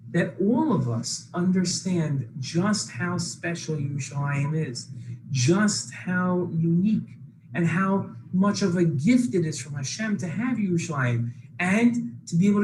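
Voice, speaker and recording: A man narrating a children's story slowly and emphatically. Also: sits high, lively intonation. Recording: noisy background hiss.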